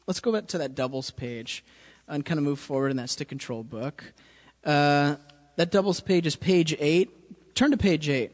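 A drum teacher gives a casual, hands-on lesson, frequently asking "okay?" to check that the student follows. His voice is fairly high and moderately paced, in a reverberant room with drums playing.

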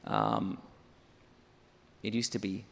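A man's voice: fairly low pitch, very animated, slow, vocal fry, a bit bright, in a large hall. A man who writes songs for church, explaining his method step by step in an interview. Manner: methodical, explanatory, counts syllables aloud. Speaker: church songwriter.

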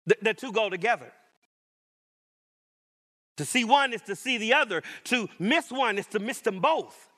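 A man preaching a sermon as pastor, with emphatic, rising declarations and deliberate repetition. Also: sits high, lively intonation, bright, forceful tone.

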